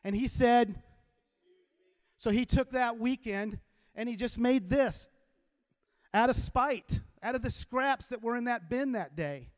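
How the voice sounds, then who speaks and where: A man, a teacher, giving an animated motivational talk to a live audience and telling stories to get the crowd involved. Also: very high voice, measured pace, pauses often. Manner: animated storyteller who gets the crowd to repeat lines. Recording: long hall reverb.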